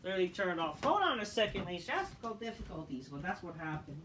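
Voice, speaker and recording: A man's voice: sits high, lively intonation, fast. Tired, foul-mouthed man ranting. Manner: profane, rambling, bursts into shouting rants. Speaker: wrestling show reviewer. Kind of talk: casual rant review. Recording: distant mic with faint background noise.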